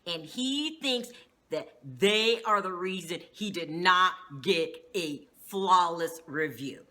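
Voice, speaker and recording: A woman's voice: fairly low pitch, animated, slow, sharp tone. A woman giving a casual, gossipy recap of a reality show, swearing freely as she goes.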